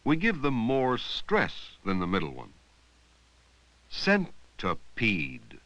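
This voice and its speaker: A man narrating an old educational film about reading long words, speaking slowly and deliberately and stretching out words to show their sounds. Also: mid-range voice, wildly swooping pitch, a bit bright, no room sound, lo-fi sound. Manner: slow, deliberate, drawing out words to teach sounds. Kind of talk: scripted instructional narration. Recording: dry, close voice-over from an old 16mm film.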